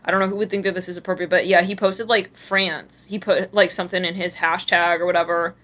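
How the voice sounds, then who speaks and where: A woman runs a live tarot reading, talking straight to her viewers in a chatty, sassy, blunt way. Her voice is bright and forceful. Slang and swearing run through her talk, and laughter keeps breaking in. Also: on the low side, flat delivery, brisk. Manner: laughs a lot. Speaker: tarot reader.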